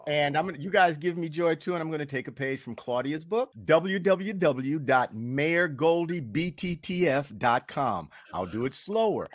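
A man's voice: a little high, animated, normal speed, few pauses, no room sound. A man on a video call panel, joking around with corny dad jokes in a playful casual chat. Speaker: panel guest.

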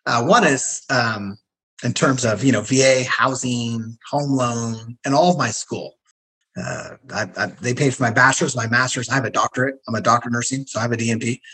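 A middle-aged man, a guest telling stories in a casual interview, animated and acting out the people he quotes. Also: medium pitch, fairly quick, low-quality recording. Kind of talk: casual storytelling.

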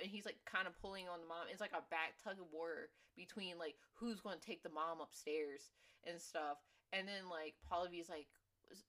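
Woman co-host, bright sharp voice, animated storytelling film recap. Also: on the low side, moderate pace. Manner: animated retelling, acting out characters' lines with lots of "like". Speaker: podcast co-host. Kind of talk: casual chat recapping a film.

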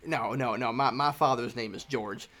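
A man voicing a gruff, short-tempered rural Southern truck owner with a Southern US accent, blunt and drawling. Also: medium pitch, moderate pace, a loud crowd, pitched below the performer's own voice, close to an everyday voice. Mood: friendly. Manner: blunt, drawling, swears casually.

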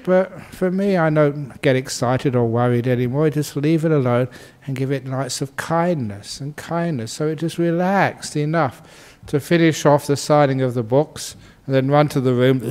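A Buddhist monk, a man, speaks with a slightly higher voice than most men. He gives a dharma talk in a gentle, good-humored way. He often chuckles and softly repeats calming phrases.

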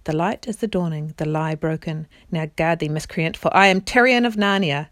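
A woman's voice: low-pitched, normal speed, dry recording, natural voice. A woman voicing a noble young king in a storybook read-aloud, speaking with solemn, indignant formality. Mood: commanding. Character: stern young male king, noble and commanding.

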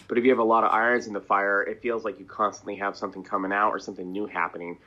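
A band member, guesting in a casual interview, talks at length, rambling and chatty, chuckling and clearing his throat between thoughts. His fairly low voice races along with a sharp tone and little pitch movement, on dull lo-fi audio.

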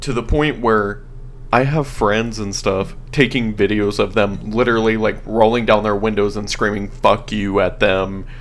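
A man's voice: on the low side, fairly even intonation, normal speed, a little hiss or hum. A young man in casual podcast chat, earnest and blunt, swearing casually.

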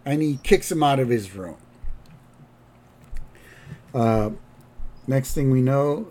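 A man's voice: mid-range voice, warm tone. A man hosting a podcast, casually recapping a cartoon episode with lots of fillers. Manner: rambling, filler-heavy. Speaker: podcast host.

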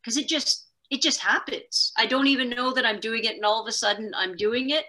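A middle-aged woman, a podcast guest, telling stories in an animated, self-deprecating way, fast in bursts. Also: fairly high pitch. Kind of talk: casual conversation.

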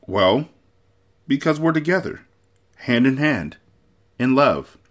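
A man's voice: medium pitch, big pitch swings, takes it slowly, pitched above the performer's own voice. A man playing an earnest young storybook hero. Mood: reassuring. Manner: urgent, earnest. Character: young hero, brave and determined.

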